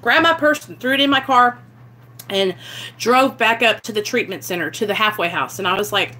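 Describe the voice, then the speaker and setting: Blunt, bright-voiced young woman vlogger. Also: fairly high pitch, moderate pace. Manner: blunt, candid, swears freely. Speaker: vlogger sharing her recovery story. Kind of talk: casual storytelling to camera.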